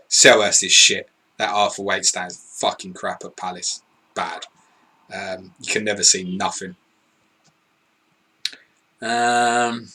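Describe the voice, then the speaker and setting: A man's voice: on the low side, pushed and bright. A man, co-hosting a live stream, reading viewer questions and answering in blunt, sweary, casual chat. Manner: blunt, sweary, laughs easily.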